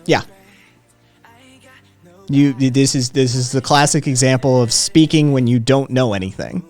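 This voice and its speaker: A man's voice: medium pitch, measured pace, a little mellow, soft background music. A man hosting a livestream, chatting casually with viewers in a brash, teasing, profane way. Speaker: livestream host.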